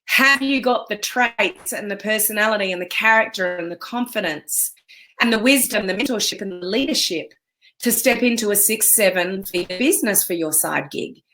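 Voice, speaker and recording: An Australian woman giving an energetic, emphatic motivational talk on a live stream, chatting with viewers as a business coach. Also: medium pitch, normal speed.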